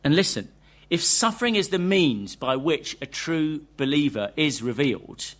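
A man's voice: a little high, lively intonation, normal speed, few pauses, a bit bright. A man preaching a sermon, earnest and questioning, reading a quoted interview aloud to his congregation.

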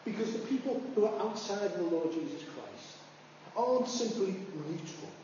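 Male preacher, mellow high voice, far from the mic in a roomy hall with a dull, lo-fi sound. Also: moderate pace, a little hiss or hum. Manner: animated storytelling, rising high when acting out voices. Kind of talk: sermon.

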